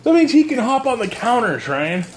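A man's voice: extremely high pitch, very animated, moderate pace, slight background noise. A man vlogging at home who talks to his dog in a teasing, playful, coaxing way. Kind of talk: casual talk to a pet. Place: home room with dogs around.

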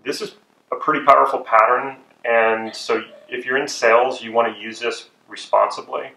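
Gravelly-voiced man teaching in an echoey room. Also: lowish voice, sharp tone. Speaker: persuasion and hypnosis instructor. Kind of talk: instructional talk. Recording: echoey room, distant from mic.

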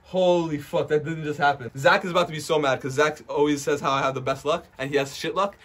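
A man's voice: a little high, fast talker, hardly any pauses. Brash, foul-mouthed young man opening cards. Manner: profane, brash trash-talk; excitable, swings into loud hype. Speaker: card-opening vlogger. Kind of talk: casual unboxing commentary. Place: indoors at someone's house.

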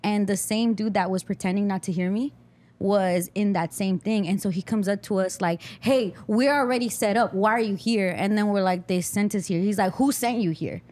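A woman's voice: medium pitch, steady tone, moderate pace, mellow. A young woman hosting a podcast, telling a story in casual chat and acting out the people she quotes. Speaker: podcast host.

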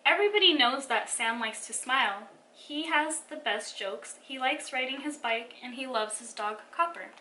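A woman from a children's ministry reading a picture book aloud to children in an animated storytelling manner. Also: high voice, normal speed, hardly any pauses, slight background noise.

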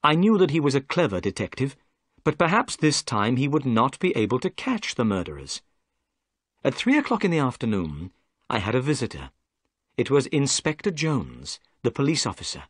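A man reads a story aloud in clear, scripted narration, with his pitch rising and falling in a lively way. The sound is dry and close, with no room behind it. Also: normal speed, no room sound.

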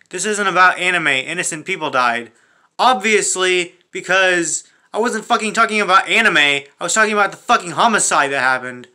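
High, bright ranting man. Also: normal speed. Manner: crude, swearing, ranting, frequent restarts. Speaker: comedy channel host. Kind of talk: profane comedic rant.

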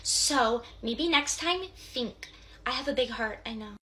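A woman's voice: fairly high pitch, a little slow, bright, forceful tone. A young woman acting a bratty, condescending teenage mean girl in a comedy sketch, with a snide, fake-sweet manner.

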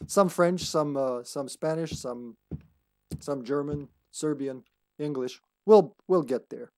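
A man's voice: fairly high pitch, slow. Playful man streaming a game. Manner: playful, jokey, laughs often, bursts of excitement. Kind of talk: casual let's-play commentary.

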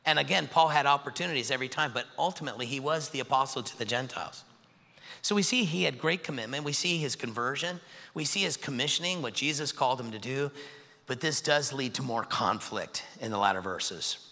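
Animated, bright-voiced male pastor preaching. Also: mid-range voice, a little fast, vocal fry, big-room sound. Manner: animated, acts out voices and quotes. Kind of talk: sermon. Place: large church sanctuary.

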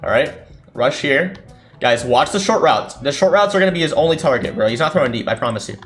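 A young man talks through his game live, casual and thinking aloud, breaking into excited shouts. His voice sits a little high. Faint music runs quietly underneath. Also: quick pace. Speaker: gaming streamer. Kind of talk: live gameplay commentary. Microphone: desk mic without a condenser.

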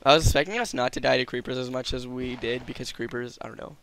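A man's voice: medium pitch, steady tone, quick pace, fairly bright tone. A man hosting a casual gaming session from home, exclaiming often and grumbling about lag. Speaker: host and gamer.

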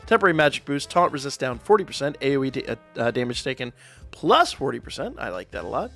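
A man's voice: medium pitch, very animated, fast talker, gravelly, bright, forceful tone, faint music behind. A man casually reviewing mobile game units, reading out stats and correcting himself as he goes. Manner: chatty, self-correcting, reads stats aloud. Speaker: gaming YouTuber.

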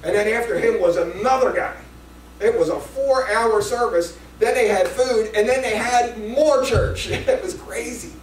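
Dramatic high-voiced pastor in an echoey room. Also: male voice, unhurried, distant mic, a little hiss or hum. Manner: dramatic, swings from loud to hushed. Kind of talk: sermon.

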